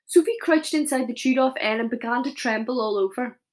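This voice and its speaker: A woman teacher reading a children's novel aloud, expressive, with small slips as she goes. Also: a little high, fairly quick.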